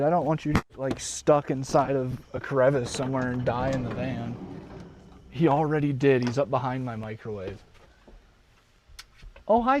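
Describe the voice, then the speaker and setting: Excitable man streaming from a van. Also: medium pitch. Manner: excitable, swears freely, talks to chat and his dog. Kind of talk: casual live-stream chat. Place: inside a van at night. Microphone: desk mic.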